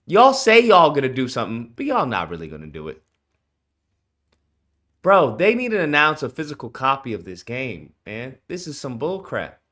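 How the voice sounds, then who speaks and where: A man's voice: on the high side, big pitch swings, moderate pace, fairly bright tone. A man streaming a reaction, ranting heatedly and profanely to his viewers. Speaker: streamer reacting to a game showcase. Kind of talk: casual reaction rant.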